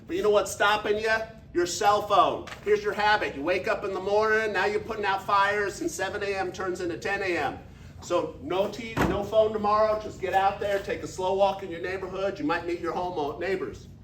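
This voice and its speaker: A high-voiced man in his fifties gives a folksy, energetic motivational talk. He is heard from far off in an echoey meeting room. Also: normal speed, a little hiss or hum. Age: 50s. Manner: energetic, folksy, leads audience call-and-response. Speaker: business speaker.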